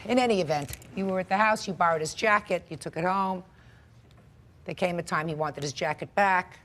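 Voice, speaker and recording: A woman's voice: on the low side, brisk, a bit bright. A woman presiding as a television judge, questioning a litigant bluntly and sarcastically in a courtroom.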